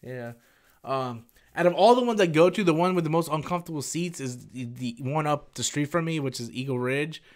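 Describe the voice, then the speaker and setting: A man hosting a casual live-stream Q&A, rambling and animated as he answers viewer questions and swears freely. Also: fairly high pitch, fairly quick.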